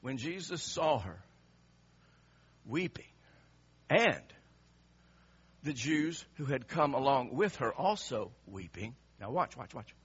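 A man's voice: mid-range voice, big pitch swings, slow, pauses often, slightly rough, highs cut off. A male pastor preaching an impassioned sermon, emphatic and repeating words for effect.

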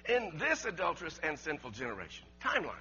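A man preaching a sermon, emphatic and rising to near shouts, with laughs between his points and words he repeats. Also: a little high, wildly swooping pitch, quick pace, slightly rough, soft background music. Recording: dull lo-fi recording with mains hum.

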